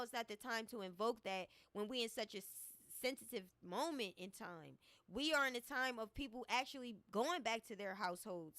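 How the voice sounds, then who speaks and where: A woman's voice: a little high, pushed and bright, no room sound. A woman giving opinionated commentary on a vlog, speaking emphatically and repeating her points. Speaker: commentary vlogger.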